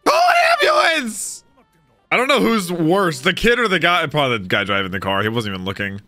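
Talking fast in a medium-pitched voice, a young man reacts emotionally to an anime episode, peppering his excitable, casual remarks with "bro." There's soft background music and no echo.

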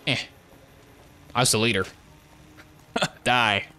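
Bright-voiced joking gaming streamer man. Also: medium pitch, fairly even intonation, drawn-out words, clean tone. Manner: joking, playful banter at the game. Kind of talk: live gameplay commentary.

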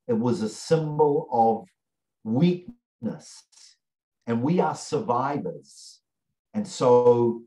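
Slow, earnest male storyteller. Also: mid-range voice, warm tone, rough recording. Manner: slow, earnest storytelling with long pauses and repeated phrases. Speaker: teacher. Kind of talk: storytelling lesson.

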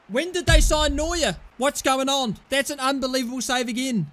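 A young man with a British accent commentates his own football video game as he plays. He talks in a fairly high voice, gets loud and excitable, and swears and yells at his teammates. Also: moderate pace, hardly any pauses. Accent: British English. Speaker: gaming YouTuber. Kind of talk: live gameplay commentary.

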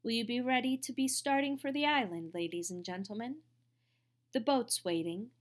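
A woman reading aloud and voicing a weather-beaten male boatman with a soft Devon accent and a persuasive manner. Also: fairly high pitch, moderate pace, voice pushed up, close to an everyday voice.

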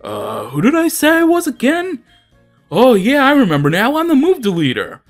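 A man's voice: extremely high pitch, huge pitch swings, moderate pace, soft background music, pitched above the performer's own voice, exaggerated voice. A man voicing an eccentric old man from a game in a raised, quizzical put-on voice.

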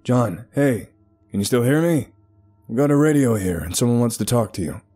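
A man playing an experienced cave rescuer who talks in a brisk, impatient way. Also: mid-range voice, lively intonation, dark tone, faint music behind, pitched above the performer's own voice, close to an everyday voice. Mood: urgent.

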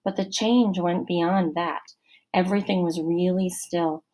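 A woman's voice: lowish voice, steady tone, unhurried, mellow, low-quality recording. Woman narrating a storybook. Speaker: audiobook narrator. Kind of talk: first-person storybook narration.

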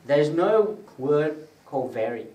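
A man's voice: on the high side, animated, slow pace, dark tone, muffled recording. Echoey, distant male preacher teaching. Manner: conversational, quizzes listeners, raises his voice for scripture quotes. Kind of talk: teaching sermon. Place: prayer gathering room. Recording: echoey room, distant mic, faint hiss.

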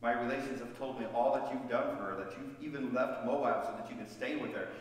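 Generous landowner, emphatic and reassuring, played by a man in a sermon, high voice, distant hall sound. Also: big pitch swings, measured pace, crowd noise. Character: Boaz, generous landowner, middle-aged man. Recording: echoey church hall, voice from far off.

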